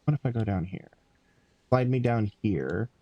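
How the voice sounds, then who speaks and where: A man's voice: on the low side, lively intonation, moderate pace, no room sound, muffled recording. Sleepy man muttering over a game. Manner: drowsy, yawning, mutters to himself, swears casually. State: tired. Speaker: streamer playing a game. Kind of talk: casual gameplay commentary.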